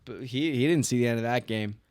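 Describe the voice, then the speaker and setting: A man's voice: mid-range voice, fast talker, darkish tone, clear, resonant tone, no echo, studio quality. A young adult man co-hosting a podcast in casual chat, joking and swearing as he rants. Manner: profane, ranting, jokey. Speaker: podcast co-host.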